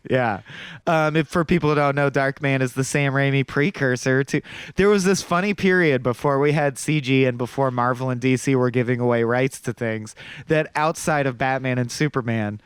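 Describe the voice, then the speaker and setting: A young man co-hosting a casual film podcast, animated, swearing freely and acting out lines from movies. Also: medium pitch, normal speed, smooth, no echo. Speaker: podcast co-host.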